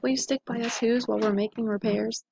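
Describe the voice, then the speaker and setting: A woman voicing a tiny, cheerful male town mayor in a storybook read-aloud, sounding bright and grateful. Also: a little high, fairly even intonation, quick pace, creaky. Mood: pleading.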